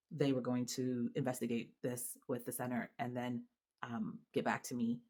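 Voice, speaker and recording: A mother talking straight to camera in a casual vlog, animated and exasperated, with lots of restarts and fillers. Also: very deep voice. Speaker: mother and vlogger. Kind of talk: casual venting monologue to camera.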